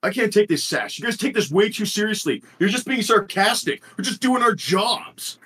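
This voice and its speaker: A man's voice: high-pitched, lively intonation, normal speed, sharp tone, breathy edge, pitched above the performer's own voice, exaggerated voice. A man voicing a grumpy, sarcastic male troll guard with a whiny, petulant manner. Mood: grumpy, sulky.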